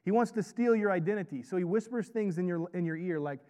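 A man's voice: high-pitched, fast, dark tone. A man who is a pastor and chaplain, preaching a sermon in a conversational way and often checking in with "right?". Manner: conversational, repeats "right?" to draw in the congregation.

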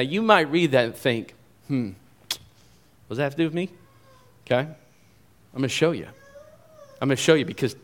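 A man preaching a sermon in a conversational, animated way, often repeating phrases for emphasis. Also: a little high. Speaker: pastor.

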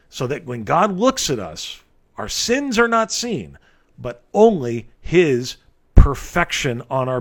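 A man preaching an expository sermon, earnest and emphatic, with folksy asides to his listeners. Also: fairly high pitch.

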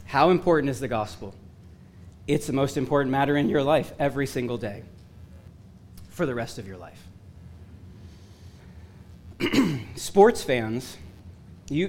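A man delivering a sermon in a voice pitched a little above the usual for men. He presses his points earnestly and with rising emphasis, slipping in bits of wry humor, and his voice is wearing hoarse. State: losing his voice. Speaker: preacher.

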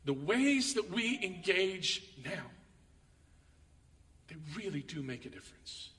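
A man preaching a sermon as pastor, reading scripture dramatically and telling stories with animated, acted-out quotes. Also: sits high, slow pace, long reverb tail, far from the mic.

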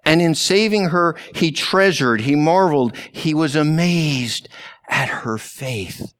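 A man preaching a sermon slowly and deliberately, with long pauses and sudden drops to a hush. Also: fairly high pitch. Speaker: pastor.

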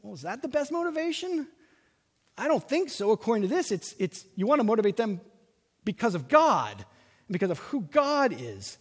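A man preaching a sermon as pastor, animated, slowing down to stress his points. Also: very high voice, slightly rough. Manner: animated preaching with slow emphatic stretches. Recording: long reverb of a large hall.

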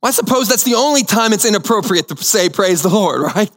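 A man's voice: high-pitched, animated, fairly quick, fairly bright tone, long reverb tail. A man preaching a sermon as pastor, telling a story and repeating key phrases for emphasis. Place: church sanctuary.

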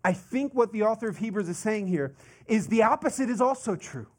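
Animated high-voiced male preacher. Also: a little fast. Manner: conversational and animated, with asides and rhetorical questions. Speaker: pastor. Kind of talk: sermon.

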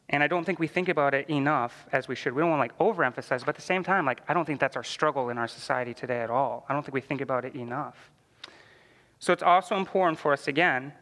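A man with a slightly high, bright voice leads a church Bible class in a casual, questioning way, leaning on "like" as a filler. His voice rings out with a long reverb in a hall. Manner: conversational, frequent "like" fillers, asks the class questions.

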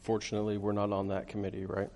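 A low-voiced man moderates a church Q&A and reads out questions in an easy, relaxed way. A long reverb trails after his words, as in a large hall. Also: fast talker.

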